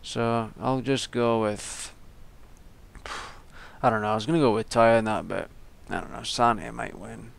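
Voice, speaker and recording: A man's voice: lowish voice, steady tone, unhurried, gravelly. A young man giving casual, rambling solo commentary, with frequent ums and restarts. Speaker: wrestling vlogger.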